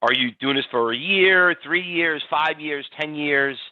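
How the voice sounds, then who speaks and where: A man hosting a live trading webinar, talking in an energetic, chatty way and reading out audience answers by name. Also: on the high side, measured pace, dry recording. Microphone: computer mic on a webinar stream. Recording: dull, slightly lo-fi webinar audio, dry.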